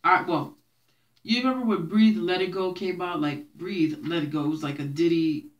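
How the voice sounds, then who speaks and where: Chatting to the camera, this Brooklyn-raised young woman of Haitian heritage, who grew up speaking Haitian Creole, shares stories from her childhood with frequent laughter. She speaks at a normal speed in a voice on the low side.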